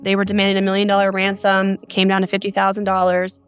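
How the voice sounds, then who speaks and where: Recounting a frightening phone call as a podcast guest, a mother of four from Arizona speaks in earnest detail. Her voice is medium-pitched and monotone, her pace fast, with soft background music.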